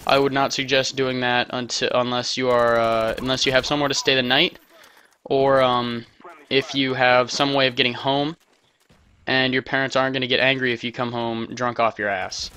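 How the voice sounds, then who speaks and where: Bright-voiced young man rambling through commentary. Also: mid-range voice, flat delivery, normal speed. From United States. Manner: rambling, self-mocking jokey asides. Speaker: gaming commentator. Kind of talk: casual gameplay commentary.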